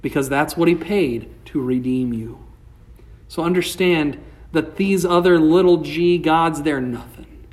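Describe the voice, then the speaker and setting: A male pastor delivers a sermon at an unhurried, deliberate pace. His preaching swells with passion and then sinks low, and he reads scripture aloud between points. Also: darkish tone. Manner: impassioned preaching, rising and falling.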